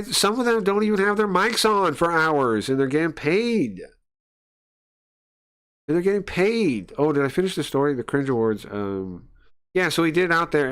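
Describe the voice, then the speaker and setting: A man's voice: a little high, smooth. Ranting man streamer, swearing freely. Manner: heated, swearing, stumbling restarts, scoffing laughs. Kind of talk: profane livestream rant.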